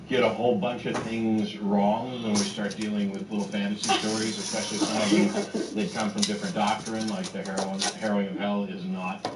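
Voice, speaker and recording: A man hosting a call-in show, talking bluntly and dismissively about scripture arguments. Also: lowish voice. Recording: roomy distant mic with noise.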